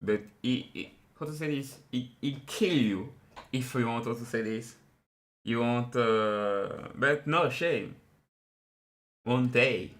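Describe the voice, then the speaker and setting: A man whose first language is French, giving casual live-stream commentary in halting English, searching for words and restarting often. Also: medium pitch, fairly bright tone.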